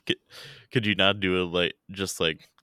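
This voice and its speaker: Casting: young Midwestern man, very low yet bright voice, dry teasing co-host. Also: fairly even intonation, unhurried, clear, resonant tone, no room sound. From American Midwest. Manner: laughs often, dry and teasing. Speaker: podcast co-host. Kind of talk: casual chat.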